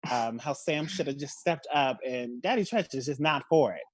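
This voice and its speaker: A woman hosting a casual recap discussion over a call, expressive and frank, often laughing. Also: a bass voice, normal speed, no room sound. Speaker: host.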